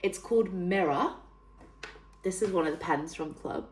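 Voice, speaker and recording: Bubbly northern English woman, lowish voice. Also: moderate pace, a little hiss or hum. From northern England. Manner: bubbly and chatty, many fillers like "like". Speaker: fitness trainer and YouTuber. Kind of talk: casual vlog talk to camera.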